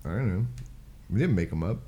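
A man's voice: low-pitched, lively intonation, fast, warm tone. A man in casual chat, laid-back and joking with a straight face.

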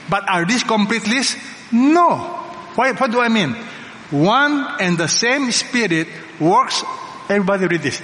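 In a large church hall, a pastor delivers a sermon in a slightly high, somewhat bright voice that rings with long reverb. He hammers his points with emphatic repetition and puts rhetorical questions to the congregation, while a faint hum lingers beneath.

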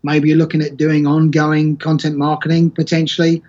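Husky-voiced man talking shop. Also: fairly high pitch, monotone, normal speed, a little mellow, lo-fi sound. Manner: rambling, self-correcting storyteller. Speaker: podcast guest. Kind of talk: casual conversation.

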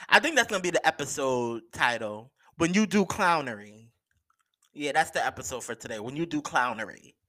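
A man's voice: fairly high pitch, animated, a little fast, sharp tone. A man hosting his own podcast, chatting casually and gossiping about celebrity news with slangy asides and lots of fillers. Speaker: podcast host. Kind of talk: casual solo podcast chat.

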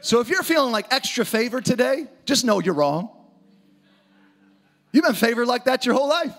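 A man preaching an energetic sermon to a church audience, often shouting for emphasis. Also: very high-pitched, moderate pace, creaky. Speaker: pastor. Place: church auditorium with live audience.

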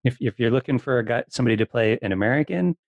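Interview host, man, gravelly and dry, easygoing questions. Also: mid-range voice, rapid-fire, dry recording, highs cut off. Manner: short agreeing replies, relaxed questions. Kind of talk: casual interview chat.

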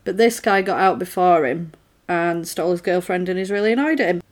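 A woman's voice: on the low side, lively intonation, brisk. A woman recapping a TV episode in casual chat, laughing often and acting out the characters' lines.

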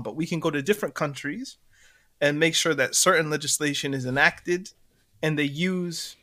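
A man co-hosting a podcast, telling a story in animated casual chat and laughing between points. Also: on the high side. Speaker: podcast co-host.

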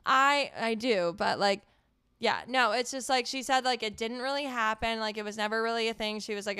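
A woman's voice: on the high side, normal speed, bright, forceful tone, clean tone, no room sound, clean studio sound. A woman in her twenties co-hosting a podcast in casual chat, swearing freely, laughing, and packing her talk with "like". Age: 20s. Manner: profane, laughing, filler-heavy. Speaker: podcast co-host.

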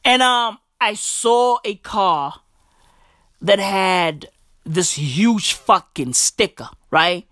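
A woman's voice: mid-range voice, expressive, drawn-out words, a bit bright, no echo, clean studio sound. A woman delivering a profane comic rant, full of slang, swearing and emphatic repeats. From South Africa.

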